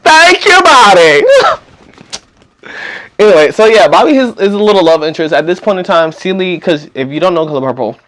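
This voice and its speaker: A young man tells a story in a casual, slangy way. He is animated and acts out the voices of other people. His voice sits a little high for a man. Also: fast talker, hardly any pauses. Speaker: vlogger.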